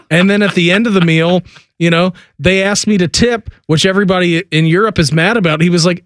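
A man's voice: sits high, brisk, no room sound, clean studio sound. A man hosting sports radio, telling stories in a casual, chatty way and laughing often.

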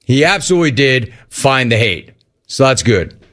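A man hosting sports talk radio, reading listener messages in an animated, quick delivery. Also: medium pitch.

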